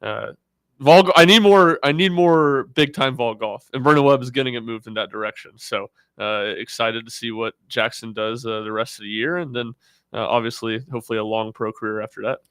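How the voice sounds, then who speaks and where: Man co-host on sports radio, smooth clear voice, dry studio sound, halting delivery. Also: mid-range voice, a bit bright, dry recording. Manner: measured, halting, with many fillers. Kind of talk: casual sports radio talk.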